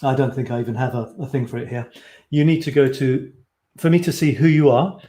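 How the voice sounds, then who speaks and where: A man hosts a live online stream from home, talking loosely and rambling as he greets viewers. He reads their comments aloud and chats back in a relaxed, off-the-cuff way. His pitch sits in an ordinary middle range for a man. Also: normal speed. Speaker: host of a photo challenge livestream. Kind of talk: casual live stream chat.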